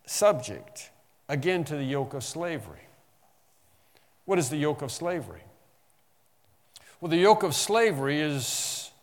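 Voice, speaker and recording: A man preaching an expository sermon, emphatic, slowing on key phrases and rising in bursts. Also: fairly high pitch, in a large hall. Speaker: pastor.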